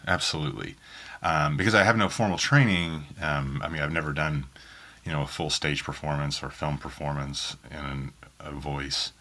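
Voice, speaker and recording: A man's voice: rumbling low, steady tone, normal speed, bright, forceful tone. A man from Oklahoma with a faint Southern accent, an audiobook narrator answering interview questions in a rambling way full of ums. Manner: rambling, many ums and restarts. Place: small home booth in a spare bedroom.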